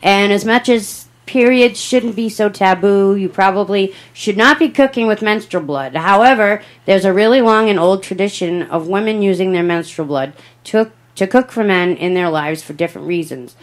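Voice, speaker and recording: A woman's voice: medium pitch, moderate pace, few pauses. A woman co-hosting a live podcast, bluntly reading out strange items from her screen in casual chat. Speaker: podcast co-host.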